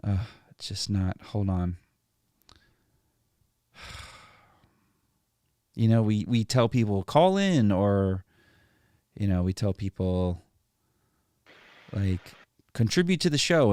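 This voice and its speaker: Host: man, low register, smooth and clear, dry close sound, easygoing live-stream chat. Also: flat delivery, takes it slowly, pauses often, warm tone, no room sound. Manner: easygoing, chatty, laughs often. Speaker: livestream host.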